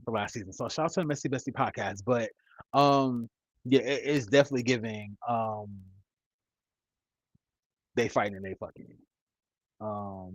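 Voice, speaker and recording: A man's voice: mid-range voice, no room sound, lo-fi sound. A man in his mid-thirties giving casual, rambling commentary as a reality TV reviewer, blunt and profane. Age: 30s.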